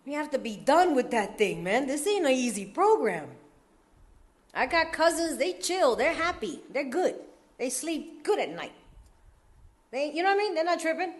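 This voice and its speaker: With big swings in pitch and a moderate pace, a high-voiced woman from California recounts her recovery to a meeting audience in loose street slang. Hard moments get handled with jokes, and laughter breaks through often.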